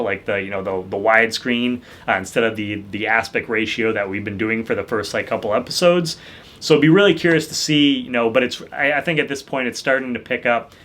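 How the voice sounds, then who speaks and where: A man's voice: medium pitch, a bit bright. A young man hosting his channel, talking through a TV episode in a loose, rambling way, packed with "like" and "you know" fillers. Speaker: channel host reviewing a TV episode. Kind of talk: casual review chat.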